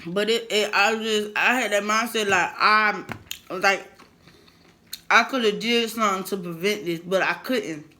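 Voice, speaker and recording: A woman vlogger telling a painful personal story to camera in a halting, emotional way, holding back tears. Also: mid-range voice, pushed and bright. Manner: emotional, halting, repeats herself.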